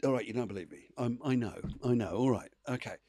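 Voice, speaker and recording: A man's voice: mid-range voice, fast, mellow, no room sound, clean studio sound. A man hosting a live psychic show from home, chatting in an upbeat, rambling way full of fillers. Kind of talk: casual live-stream chat.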